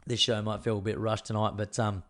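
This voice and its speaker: Male solo show host, lowish and slightly strained voice, candid, rambling, opinionated chat. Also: little pitch movement, a little fast, a bit bright. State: voice strained, worried about losing it. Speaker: podcast host.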